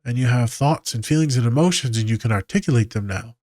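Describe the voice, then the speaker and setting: A man's voice: medium pitch, fast talker, darkish tone, no room sound, studio quality. A man, a therapist hosting a podcast, talking casually, candid and profane with a joking edge.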